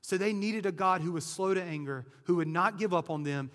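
Conversational preacher in a reverberant hall. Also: male voice, sits high, quick pace, hardly any pauses, fairly bright tone. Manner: conversational, repeats words, frequent "right?". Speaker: pastor. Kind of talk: sermon.

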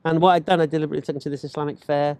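A man telling a personal story in casual chat, animated and acting out the voices of others. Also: on the high side, very fast, clear, resonant tone. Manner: animated, acts out quoted voices, laughs while talking.

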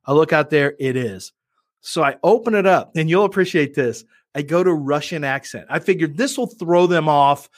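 Animated, profane male storyteller. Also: a little high, moderate pace, dry recording. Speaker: podcast and radio host. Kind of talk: casual chat, storytelling.

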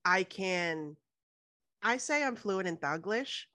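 A woman from Houston hosting a podcast, asking questions in relaxed casual talk and laughing easily. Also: mid-range voice, takes it slowly, dry recording. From Houston, Texas. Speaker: podcast host.

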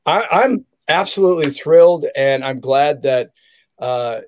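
A man's voice: a little high, animated, a little slow, darkish tone, dry recording, clean studio sound. A man who is a guest on a podcast, telling stories in a joking, rambling way in casual chat. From California. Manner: jokey, rambling storyteller.

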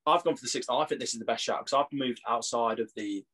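A young English man trading banter on a podcast, mid-pitched and laughing a lot. He jokes, teases and keeps things easygoing. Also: fast, fairly bright tone, slightly rough. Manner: jokey, laughs often. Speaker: podcast co-host. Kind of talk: casual chat.

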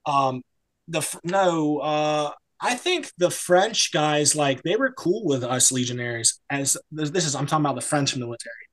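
With a slightly high voice, lively intonation and a fairly bright tone at normal speed, a young American man serving in the Foreign Legion chats as a podcast guest. He's casual, profane and blunt, rambling through lots of fillers, and the audio is poor.

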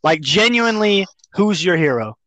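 A young man with a high, very bouncy voice, teasing his friends in a loose, joking chat. The sound is dry and close, with no room around it. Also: sing-song, normal speed, sharp tone, dry recording, poor audio. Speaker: guest.

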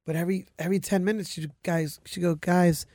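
A man with a slightly high voice tells a story in casual chat and slips into the voices of the people in it. The sound is dry and close. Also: fast, dry recording. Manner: animated, acts out the people in his story. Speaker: guest telling a story.

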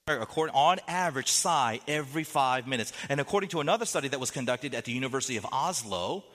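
A man preaching a sermon as a pastor, animated, with dramatic quotes and rising emphasis. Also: a little high, big-room sound.

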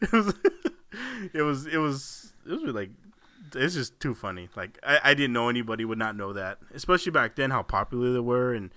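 Man, podcast co-host, casual chat, frequent laughter, bright and lively, dry close sound. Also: medium pitch, a little fast, no echo. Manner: laughs often, retells stories with quoted voices.

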